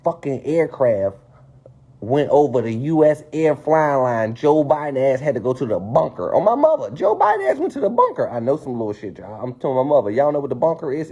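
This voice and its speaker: A man ranting casually and profanely to his viewers, spinning a conspiracy with animated, swearing delivery. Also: medium pitch. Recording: dull lo-fi stream audio.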